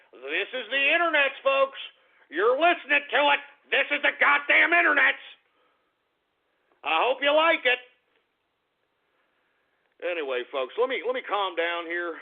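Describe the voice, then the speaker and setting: A man hosting a talk radio show, ranting in a profane, angry manner with shouted outbursts. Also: high-pitched. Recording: narrow phone-like lo-fi sound.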